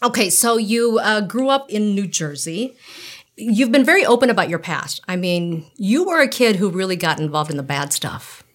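A woman's voice: medium pitch, animated. Chatty woman hosting a studio interview. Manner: chatty, laughs often, quick banter. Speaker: podcast host, former TV news reporter.

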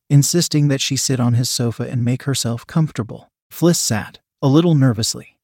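A man reading a story aloud in measured, even audiobook narration. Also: medium pitch, no room sound, studio quality.

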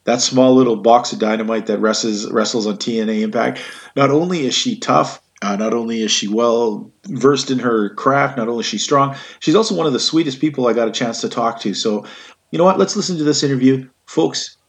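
A man's voice: medium pitch, brisk. A man hosting a podcast, chatting casually and rambling, with frequent "uh" fillers. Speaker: podcast host.

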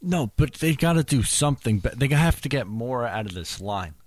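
A man's voice: mid-range voice, animated, moderate pace, no echo. A man co-hosting a casual hockey podcast, blunt and opinionated. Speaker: podcast co-host.

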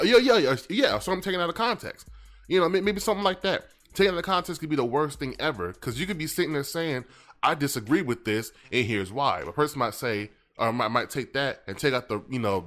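With a mid-range, fairly bright voice, this man co-hosts a laid-back podcast. He chats casually, rambling in loose slang and reading out messages from the chat.

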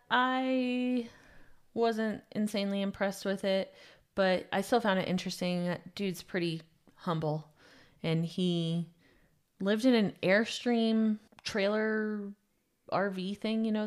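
A bubbly woman in her thirties co-hosting a book podcast. Her chat is casual and full of easy laughter, with a middling pitch. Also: steady tone, takes it slowly, clean tone. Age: 30s. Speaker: podcast co-host.

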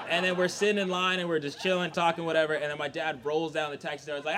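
A young adult man telling a personal story live, animated and laughing, acting out voices. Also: a little high, very fast, few pauses, a crowd in the background.

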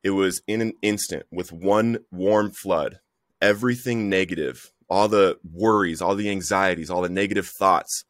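A man's voice: sits low, steady tone, moderate pace, a bit bright, dry recording, clean studio sound. A man giving an earnest, emotional personal testimony in conversation, often calling the listener "bro". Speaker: guest sharing recovery story.

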